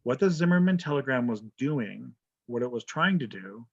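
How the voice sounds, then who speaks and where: Over a video call, a man teaches an online history class casually, cracking jokes and checking in with "right?". His medium-pitched voice is animated and creaky, at normal speed. The lo-fi call audio sounds dull.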